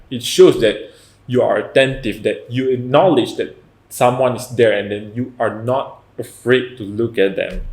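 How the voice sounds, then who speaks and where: A man hosting a self-help video, giving earnest direct-to-camera advice and often checking in with "right?" and "you know". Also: medium pitch. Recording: echoey room.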